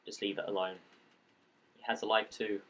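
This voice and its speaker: A man's voice: lowish voice, flat delivery, moderate pace, a bit bright. A man giving casual let's-play commentary, rambling and joking and talking to the creatures in the game as he plays. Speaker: gameplay commentator.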